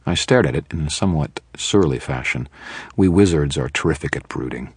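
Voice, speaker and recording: A man reading a first-person audiobook narration in a wry, deadpan manner. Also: rumbling low, brisk, slightly rough, no room sound.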